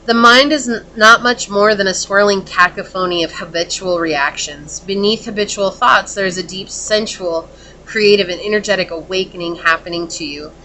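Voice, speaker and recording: A woman's voice: medium pitch, normal speed, sharp tone, slight background noise. A woman giving a casual pick-a-card tarot reading, talking earnestly and in a rambling way, with lots of "like" and "okay?". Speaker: tarot reader.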